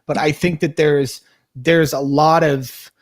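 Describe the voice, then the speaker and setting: A man's voice: a little high, steady tone, takes it slowly. A man on a chat panel, speaking hesitantly with many restarts, weighing his views thoughtfully.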